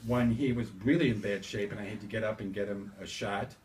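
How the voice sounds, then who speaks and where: A man's voice: on the low side, fairly quick. A man telling a family anecdote in casual chat, laughing often and acting out other people's lines. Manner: animated, laughing often, acts out voices of others. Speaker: storyteller among family. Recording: distant mic with loud background noise.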